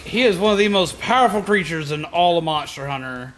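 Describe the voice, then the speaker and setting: A man's voice: fairly high pitch, brisk, a little hiss or hum. A man streaming a game, chatting casually and yelping at the action. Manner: excitable, yelps at game action. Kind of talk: casual gaming stream chat.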